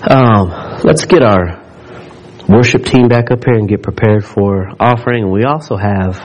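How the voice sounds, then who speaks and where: A man's voice: fairly low pitch, unhurried, low-quality recording. A man preaching a sermon in a church, reading scripture aloud and building in fervor as he speaks to the congregation. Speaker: pastor.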